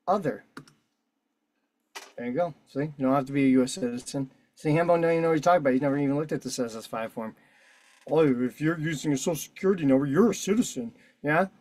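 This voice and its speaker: A man hosts an online meeting over a video call in a medium-pitched voice, with no echo. He gives a casual walkthrough of a form as he fills it out, swearing and staying combative.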